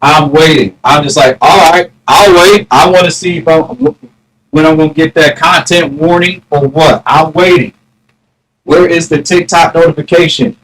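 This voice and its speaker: Brief: man, slightly high voice, loose rambling livestream chatter, phone mic. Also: fairly bright tone, rough recording. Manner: rambling, greets chat viewers by name; mock-challenging, drawn-out taunts. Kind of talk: casual live stream chat.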